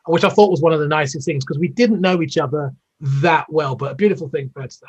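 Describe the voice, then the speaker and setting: A British man in his fifties tells long stories as an interview guest, rambling with many fillers and restarts. His voice sits a bit high for a man. He comes through a dull, lo-fi video-call line. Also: fast, slightly rough. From United Kingdom. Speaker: interview guest, former Olympic athlete. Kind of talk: casual storytelling interview.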